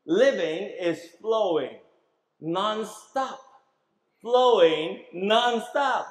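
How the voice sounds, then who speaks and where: A man's voice: high-pitched, roomy sound, poor audio. A man preaching a sermon as pastor, emphatic, asking the congregation questions and having them repeat words after him.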